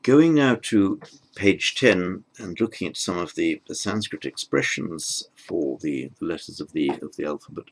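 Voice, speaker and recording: A man's voice: deep voice, moderate pace, vocal fry, rough recording. A man teaching a pronunciation lesson, patiently demonstrating each sound and repeating it.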